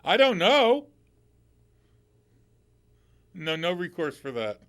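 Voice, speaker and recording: Gravelly lawyer hosting call-in radio. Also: male voice, high voice, big pitch swings, slow pace, fairly bright tone. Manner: plain-spoken, conversational. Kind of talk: call-in radio legal advice.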